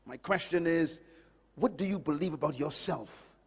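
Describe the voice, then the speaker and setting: Man, middle-aged, caribbean-raised preacher, high voice, emphatic swings from loud to hushed, long hall echo. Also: moderate pace, vocal fry, breathy edge. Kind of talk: sermon.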